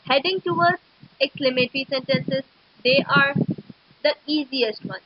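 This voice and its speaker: A woman teaching an English grammar lesson to schoolchildren, explaining slowly and methodically. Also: sits high. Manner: slow, explanatory, steady and methodical. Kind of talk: recorded classroom lecture. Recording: dull lo-fi recording.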